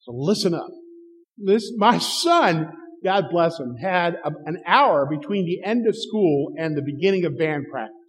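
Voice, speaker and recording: A middle-aged pastor with a fairly high, expressive voice preaches at a measured pace, telling stories, acting out the dialogue, and chuckling. A long hall reverb surrounds him.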